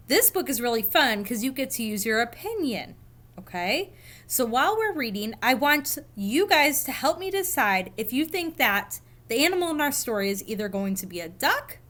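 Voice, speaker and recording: Lively woman teacher talking to young children. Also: a little high. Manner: animated, playful, speaks directly to young children. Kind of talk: reading a picture book aloud in a recorded lesson.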